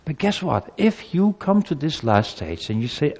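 A man's voice: a little high, normal speed. A man preaching a sermon, talking animatedly and acting out what people say to each other. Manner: animated, acts out quoted speech. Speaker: pastor. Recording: long hall reverb.

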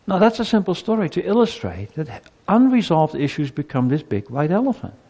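Animated male preacher in a reverberant hall. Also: on the high side. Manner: animated, acts out quoted speech. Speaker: pastor. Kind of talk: sermon.

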